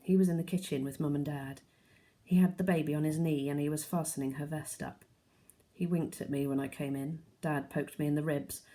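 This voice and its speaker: Woman teacher reading a chapter aloud, dark low voice, plain steady telling. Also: a little fast.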